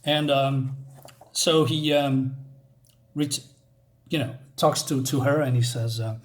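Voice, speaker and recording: A man's voice: medium pitch, slow, pauses often. A man giving a casual spoken comic review, hesitant with many restarts and enthusiastic asides.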